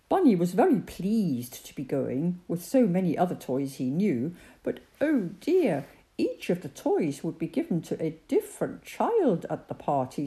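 A woman reading a children's story aloud, gentle and expressive. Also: medium pitch. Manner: gentle, expressive voicing of characters.

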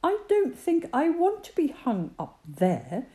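A nervous little toy rabbit from a storybook, squeaking high and fretful, as a woman puts him on. The voice climbs anxiously and swings widely in pitch, yet its tone stays dark and mellow. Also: huge pitch swings, takes it slowly, exaggerated voice.

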